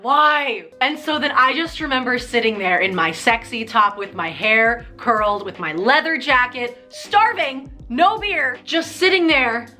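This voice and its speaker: A woman's voice: a little high, sharp tone. A woman in her twenties telling a dating story to camera, acting out both sides of the conversation. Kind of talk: storytime vlog.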